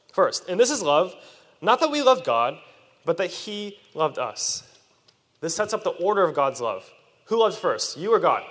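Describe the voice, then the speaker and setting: Lively man preaching in a hall. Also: on the high side. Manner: animated, questions the audience. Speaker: youth preacher. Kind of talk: sermon to children. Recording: long reverb of a hall.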